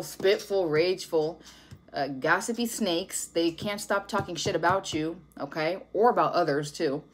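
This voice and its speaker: Brief: woman tarot reader, casual, blunt and profane delivery. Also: on the low side. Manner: blunt, profane, laughing often. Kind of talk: casual tarot reading to camera.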